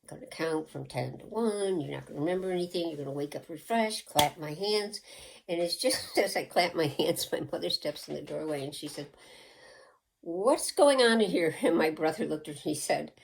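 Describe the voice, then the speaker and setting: An older woman in her seventies with a low, deep-set voice tells a personal story in a loose, chatty way. She wanders off into asides and restarts. When she acts out the hypnotist she slips into a soft, hushed, slowed-down murmur. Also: creaky, rough recording. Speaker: channel host telling childhood stories.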